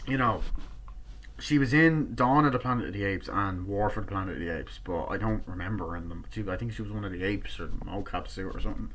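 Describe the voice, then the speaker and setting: A man casually reviewing a film at home, rambling and swearing, with lots of fillers, retelling scenes in quick quoted bits, his jaw sore. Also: sits low, fairly bright tone, slight background noise. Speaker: movie reviewer.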